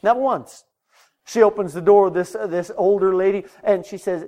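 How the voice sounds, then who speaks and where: A man preaching a sermon in a storytelling manner, acting out doorstep conversations and rising loud and high when he gets animated. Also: moderate pace.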